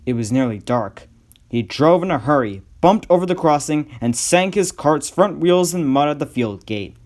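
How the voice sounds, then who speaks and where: A man reading a storybook aloud as the narrator, in a measured, even way. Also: medium pitch.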